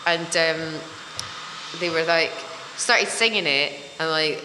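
Scottish woman, forties, bright tone, lowish voice, chatty, echoey room with long reverb. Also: slight background noise. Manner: chatty and giggly, quick bursts. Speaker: guest. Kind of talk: casual chat.

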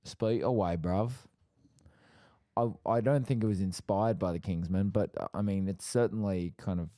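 A man's voice: low voice, fairly quick, warm tone, dry recording. A young man co-hosting a podcast, chatting casually with dry, teasing banter. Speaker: podcast co-host. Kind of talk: casual chat.

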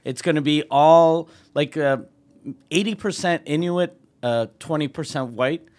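A man's voice: a little high, measured pace, a little mellow. A male comedian and podcast host telling a story in a casual, profane way, laughing as he goes. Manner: profane, laughing as he tells anecdotes.

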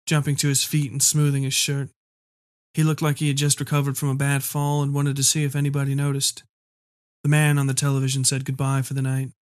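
Man reading a dark story, flat and dry. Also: mid-range voice, smooth, no echo. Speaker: audiobook reader. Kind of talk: first-person story narration.

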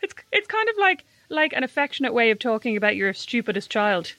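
A woman's voice: fairly high pitch, big pitch swings, a little fast, pushed and bright, no echo. A woman co-hosting a podcast, teasing and playful in casual chat. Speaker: podcast co-host.

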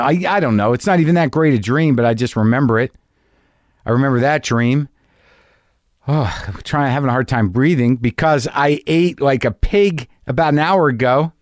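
A man talks straight into a close studio mic, his voice dry and unreverberant, set at a middling pitch for a man. He rambles through a solo podcast opening, wry and self-mocking, swearing easily as he goes. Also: no room sound. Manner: wry, self-deprecating, profane. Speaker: podcast host. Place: home garage studio.

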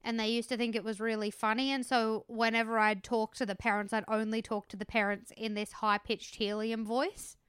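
A woman's voice: a little high, flat delivery, a bit bright, smooth, no echo. A woman co-hosting a podcast in giggly, chatty casual conversation. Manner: giggly, chatty, quick to laugh. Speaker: podcast co-host. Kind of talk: casual chat.

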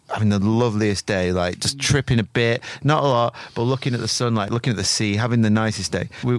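A man's voice: lowish voice, dry recording. A man co-hosting a podcast, chatting casually and rambling through stories, often breaking into silly voices. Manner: rambling storyteller who keeps slipping into silly voices. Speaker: podcast co-host. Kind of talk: casual chat.

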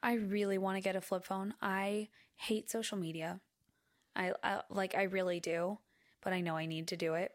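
A woman's voice: mid-range voice, steady tone, moderate pace, dry recording, clean studio sound. A woman co-hosting a podcast in casual chat, chatty and self-deprecating. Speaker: podcast co-host.

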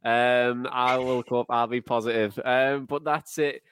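A man's voice: mid-range voice, fairly even intonation, measured pace, fairly bright tone, slight background noise. A man hosting a football podcast, chatty and jokey, laughing easily as he steers the talk. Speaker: podcast host. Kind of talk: casual podcast chat.

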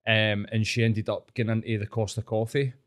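A man's voice: fairly low pitch, a little fast. A Glaswegian man hosting a podcast, telling stories in casual chat and swearing heavily as he goes. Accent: Glaswegian Scottish. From Scotland. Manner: heavy swearing, animated storytelling. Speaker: podcast host.

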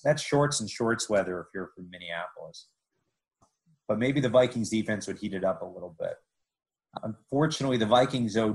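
A man hosting a podcast, narrating sports history in a lively way with joking asides. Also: on the low side, poor audio.

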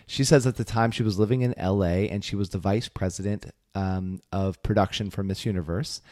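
A man with a lowish voice co-hosts a podcast, telling stories in a relaxed, chatty way. He drifts into easy fillers and asides as he goes. The sound is dry and close. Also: brisk, no room sound. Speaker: podcast co-host. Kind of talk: casual podcast chat.

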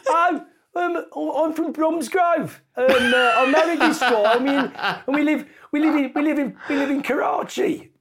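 A man voicing a chatty woman expat who calls out to him, stammering, in a high shouted voice. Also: normal speed. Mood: excited. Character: cheery middle-aged English woman expat, flustered and chatty.

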